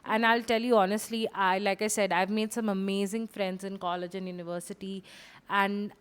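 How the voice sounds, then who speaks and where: A woman's voice: mid-range voice, level tone, clear, resonant tone. A young woman from India, a podcast co-host and former international student, talking in an emphatic, opinionated way. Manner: opinionated, emphatic, rapid asides. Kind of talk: casual podcast chat.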